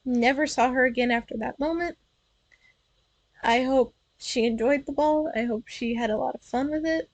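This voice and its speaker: Young woman streamer, high voice, casual self-correcting storyteller, dry close sound. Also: moderate pace, no echo, low-quality recording. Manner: chatty, playful, self-correcting. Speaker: virtual streamer telling stories.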